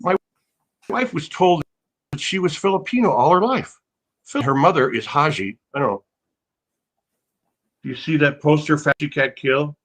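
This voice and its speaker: A husky American man chatting as an interview guest, his voice swinging up and down with lively intonation. He rambles through self-mocking stories and breaks into loud laughter. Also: on the high side, moderate pace, long pauses, rough recording. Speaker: actor guest. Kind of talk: casual interview chat.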